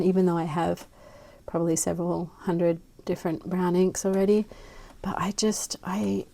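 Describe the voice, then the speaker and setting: An Australian woman chatting casually and rambling as she swatches inks, with soft murmured asides. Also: lowish voice. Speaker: fountain pen ink vlogger.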